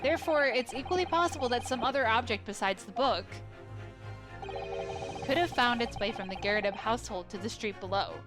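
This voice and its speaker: A woman's voice: fairly high pitch, fairly quick. A woman playing a game who reads its dialogue aloud and adds chatty, incredulous asides. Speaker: let's play gamer. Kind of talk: casual gameplay commentary and reading aloud. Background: game music.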